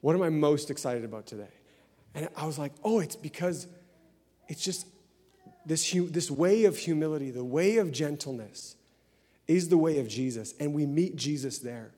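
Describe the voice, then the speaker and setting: A man delivers a sermon in a chatty, animated way, leaning on repetition and easy laughter. His voice sits a little high for a man. The sound carries the long reverb of a church hall. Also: moderate pace. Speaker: pastor.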